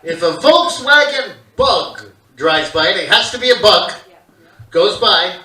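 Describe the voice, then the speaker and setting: A man's voice: high-pitched, sing-song, a little slow, bright, forceful tone. A man doing stand-up comedy on a theater stage, telling a family story and acting out his relatives. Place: theater stage with live audience. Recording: echoey theater recording from a distance. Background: audience laughing.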